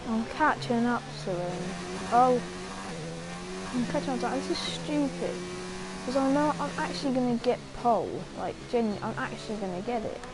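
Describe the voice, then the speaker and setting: Young woman, gamer, self-mocking chatter, slightly high voice, noisy recording. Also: animated, normal speed. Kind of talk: casual gameplay commentary.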